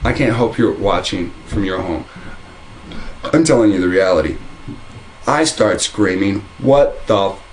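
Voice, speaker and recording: A fairly low-voiced man talks straight to camera from his home, heated and rambling as he circles back through restarts and repeated phrases. A faint hum of room ambience sits behind him. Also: animated, a little slow, long pauses, poor audio. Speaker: religious video commentator. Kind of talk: casual monologue to camera. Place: at home, indoors.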